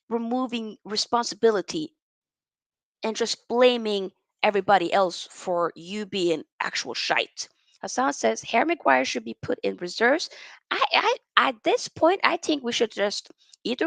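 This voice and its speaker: A woman hosts a casual livestream and gives her opinions bluntly, in slang. Her voice sits a little high and carries a gravelly fry. The sound is dry, with no room echo. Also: fairly bright tone. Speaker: host reading viewer comments.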